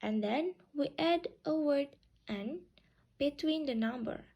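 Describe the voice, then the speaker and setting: A woman teaching pronunciation, explaining slowly and modeling example phrases with exaggerated rises and falls. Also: sits high, lively intonation, gravelly, muffled recording. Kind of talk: slow, careful classroom explanation.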